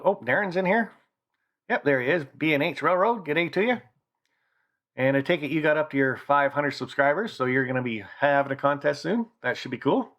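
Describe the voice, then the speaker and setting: A man hosts a relaxed live stream for his channel from the model railroad room in his house, talking freely and calling out viewers' names as they come up. The recording has its high frequencies cut off, and his pitch is in the middle range.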